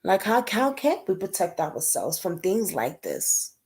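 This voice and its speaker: A woman's voice: on the low side, very animated, unhurried, darkish tone. A woman hosting a casual livestream chat, talking emotionally and in a rambling way, greeting viewers by name. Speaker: livestream host.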